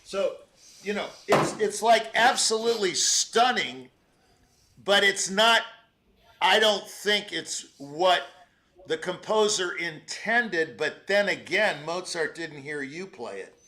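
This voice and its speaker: An older man giving rambling, animated feedback on a piano performance, singing out phrases and laughing as he talks. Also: high-pitched, slow. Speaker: competition juror giving feedback. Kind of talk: spoken critique of a performance.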